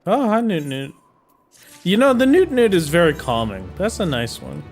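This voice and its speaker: A man's voice: high voice, huge pitch swings, moderate pace. A man chatting casually with viewers while playing a game on a livestream, in a playful, jokey way. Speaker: streamer. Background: faint game music.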